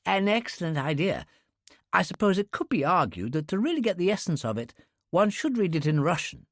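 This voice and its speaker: A man's voice: sits high, sing-song, fairly quick, no echo, clean studio sound, pitched above the performer's own voice, full character voice. A man voicing an eager, studious young male bookshop assistant who speaks in an earnest, gushing way.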